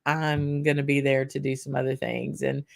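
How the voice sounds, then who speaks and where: A tired, slightly hoarse woman from Louisiana, chatting casually as host of her own vlog, with lots of fillers and restarts. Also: a bass voice, completely flat delivery, moderate pace, a little mellow. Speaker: whisky channel host.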